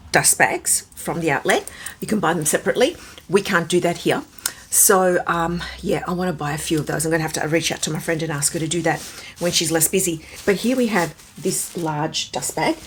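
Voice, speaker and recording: A woman with a raspy, hoarse voice from a starting cold, chatting casually and musing aloud as she reviews a handbag. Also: fairly low pitch, slight background noise. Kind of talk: casual vlog chat.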